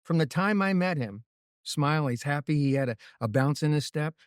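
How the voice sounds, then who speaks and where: Sex: man. Role: racing crew chief, guest. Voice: smooth, mid-pitched. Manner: animated storytelling, "right?" tags. Sound: dry. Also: normal speed, dry recording. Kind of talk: casual interview storytelling.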